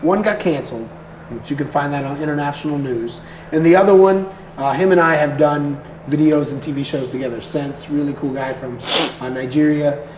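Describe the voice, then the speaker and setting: An American man with a raspy voice, chatting casually as a podcast guest and telling relaxed stories. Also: on the high side, a little fast. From United States. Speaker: guest content creator. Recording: echoey room with faint noise.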